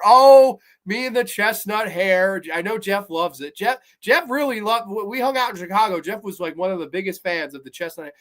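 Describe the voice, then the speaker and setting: Male horror-review host, high voice, excitable, swears a lot, loose livestream chat. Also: normal speed. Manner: excitable, profane, laughing often; reads viewer comments aloud.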